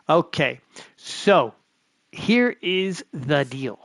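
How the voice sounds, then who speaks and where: A man's voice: fairly high pitch, unhurried, gravelly, a bit bright, no echo. A man streaming a baseball management game, chatting to himself as he sorts through his roster. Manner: chatty, talks to himself while sorting players. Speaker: gaming streamer. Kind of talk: live commentary while playing a baseball game.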